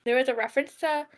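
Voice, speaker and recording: A young woman co-hosting a podcast in casual chat, rambling with many fillers and giggles. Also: sits high. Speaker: podcast co-host.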